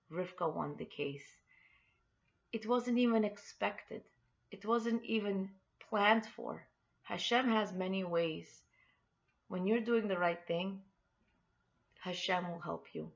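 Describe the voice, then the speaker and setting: Gravelly-voiced woman telling a faith story. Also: lowish voice, a bit bright. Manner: earnest, heartfelt. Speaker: inspirational podcast host. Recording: dull lo-fi recording.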